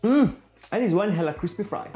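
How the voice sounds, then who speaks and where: A goofy woman narrates her cooking vlog, her voice swinging high and low with big bursts of excitement. She clowns around as she talks through each step, with faint music behind her. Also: brisk, dull audio. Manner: goofy, exaggerated and enthusiastic, with sudden loud outbursts. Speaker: cooking vlogger.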